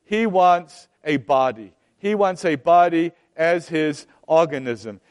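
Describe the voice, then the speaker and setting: A man preaching a sermon, emphatic and deliberate, often repeating phrases for weight. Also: sits high.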